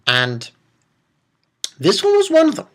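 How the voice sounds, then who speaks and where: A man reviewing an anime episode in a rambling, excitable way, stumbling over names and jumping up into high squeals. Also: measured pace.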